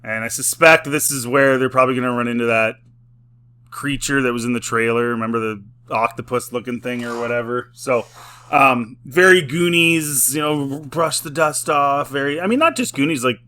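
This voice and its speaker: A man with a bright, forward voice talks through a review in a loose, rambling way. He leans on filler words, chuckles often and slips into dry sarcasm. His pitch stays at an ordinary middle level. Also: normal speed. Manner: mocking, sarcastic. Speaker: film and TV reviewer. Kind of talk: casual spoken review.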